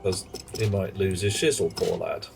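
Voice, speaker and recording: A man's voice: deep voice, fairly even intonation, moderate pace, creaky, music in the background. Man muttering through a game stream. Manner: muttering to himself, chatty asides. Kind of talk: live gameplay commentary. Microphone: headset.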